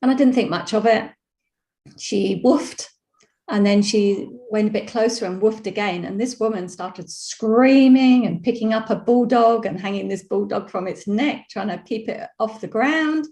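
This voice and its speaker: A woman calmly telling a personal story on a video call, reflective and full of fillers. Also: medium pitch, moderate pace. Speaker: program participant sharing a story. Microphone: video call microphone. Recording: roomy echoey video call audio.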